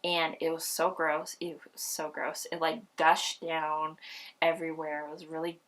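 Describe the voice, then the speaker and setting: A woman vlogger telling a personal story in a candid, chatty way, acting out quoted lines with big jumps in pitch. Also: flat delivery, a little slow, a bit bright, recorded from a distance. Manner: candid and chatty, addresses viewers directly. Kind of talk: casual storytelling.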